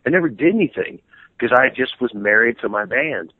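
A middle-aged guitarist and band member, guest on a casual interview, rambles animatedly and keeps restarting his sentences. His mid-range voice is brisk and expressive. The tinny, phone-like line has no room sound.

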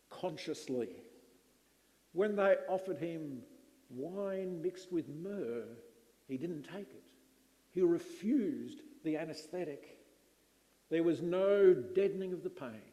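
A middle-aged man preaching a sermon, slow and emphatic with dramatic pauses. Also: sits high, dark tone, in a large hall.

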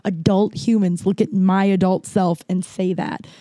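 A woman's voice: medium pitch, steady tone, a little slow, dark tone, no room sound. A woman comedian telling a candid personal story, speaking frankly and swearing freely.

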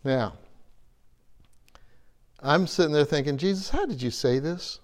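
A man with a fairly high-pitched voice preaches a conversational sermon a little slowly. He is earnest, asks his listeners questions, and repeats phrases for emphasis.

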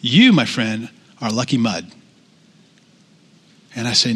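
A man's voice: mid-range voice, expressive, slow pace, long pauses, a bit bright, husky, big-room sound. A man preaching a sermon as pastor, talking conversationally with repeated phrases and rising intensity.

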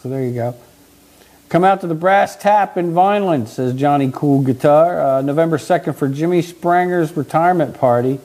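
Male podcast host, slightly high pitch, loose jokey delivery. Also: moderate pace, darkish tone. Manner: jokey, reads out viewer comments. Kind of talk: casual joking chat.

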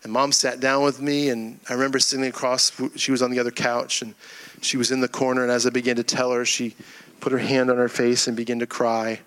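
A man's voice: medium pitch, fairly quick, clean tone. Folksy storytelling man preaching. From Florida, US. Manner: folksy, humorous storyteller, animated. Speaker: pastor. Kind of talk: sermon with personal storytelling.

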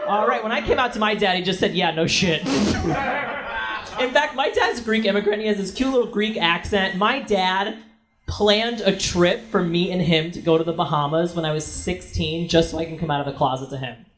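A man from Brooklyn doing profane, animated stand-up comedy on a club stage. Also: high-pitched, moderate pace. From Brooklyn, New York. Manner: brash, profane, animated storytelling. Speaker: stand-up comic. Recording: crowd noise from live audience. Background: audience laughter.

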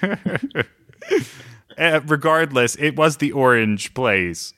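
Man, bright lively voice, teasing blunt podcast co-host, dry close sound. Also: mid-range voice, slow, clean tone, dry recording. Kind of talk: casual chat.

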